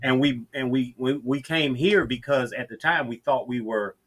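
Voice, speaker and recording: Georgia-born man, bright easygoing voice. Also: medium pitch. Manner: unhurried storyteller with frequent restarts. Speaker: interview guest. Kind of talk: casual interview chat.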